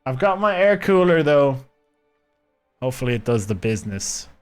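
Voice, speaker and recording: A man's voice: medium pitch, very animated, moderate pace, clean tone, faint music behind. A man streaming a game live from his own room, rambling casually and chatting with his viewers. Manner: rambling, chatty, talking to chat.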